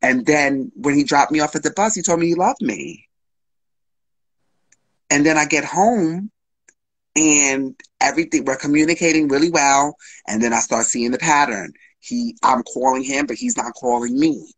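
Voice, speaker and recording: A man's voice: fairly high pitch, moderate pace, low-quality recording. A man guest telling an open, emotional personal story on a live stream, frank and casual with swearing.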